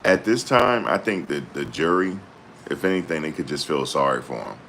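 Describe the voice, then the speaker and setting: A male channel host reads court updates aloud and reacts in an animated, blunt, slangy way, swearing freely. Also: extremely low pitch, moderate pace, creaky, a little hiss or hum. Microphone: desktop USB microphone.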